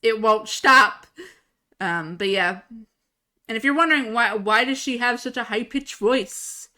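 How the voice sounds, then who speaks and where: A woman's voice: fairly high pitch, normal speed, bright, forceful tone. A young woman streamer chatting casually into a desk mic, rambling and swearing freely. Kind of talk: casual live-stream chat. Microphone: desk microphone.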